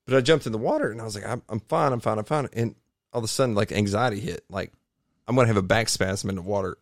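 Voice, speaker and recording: A man with a low, gravelly voice tells a rambling, animated story, often stopping to restart his sentences. He is recorded dry and close in a home garage. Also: quick pace, dry recording. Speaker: podcast guest, triathlete. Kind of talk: casual storytelling interview.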